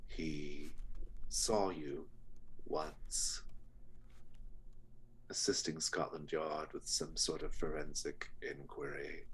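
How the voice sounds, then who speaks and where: A man voicing a tall, oily-smiling butcher's son who speaks slowly, softly and with menace in a tabletop game. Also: extremely low pitch, breathy edge, full character voice. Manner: slow, soft and menacing.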